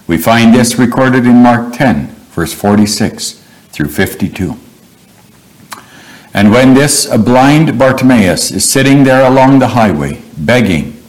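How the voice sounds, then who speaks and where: A man preaching a sermon, retelling Bible stories in a slow, measured, earnest way. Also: fairly low pitch, darkish tone, poor audio.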